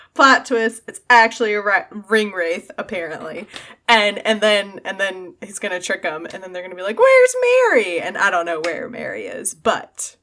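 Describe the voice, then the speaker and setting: Bright-voiced young woman rambling excitedly. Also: medium pitch. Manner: rambling, animated, many fillers. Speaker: podcast host. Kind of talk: casual book-discussion chat.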